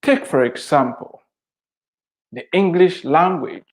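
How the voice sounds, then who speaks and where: An author whose first language is Mundani gives an earnest motivational talk offering advice to immigrants. He speaks slowly and emphatically in a somewhat high, animated voice, sounding preachy and repeating his key points.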